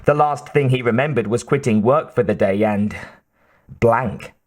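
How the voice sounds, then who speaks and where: Measured and even, a man narrates a scripted audiobook, his pitch sitting in the medium range.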